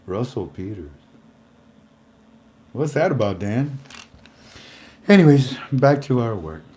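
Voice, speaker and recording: A male host delivers casual commentary in an ordinary mid-range voice. He talks in an animated way, doubling back on his words and tossing in chuckles as he builds up his point. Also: medium pitch, slow. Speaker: show host.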